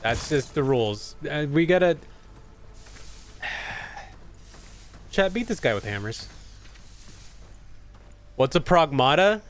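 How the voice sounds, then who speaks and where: A man's voice: fairly high pitch, sing-song, slow, pauses often, a little hiss or hum. A man streaming a video game, chatting casually in a rambling, profane way with many restarts. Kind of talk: casual gaming commentary.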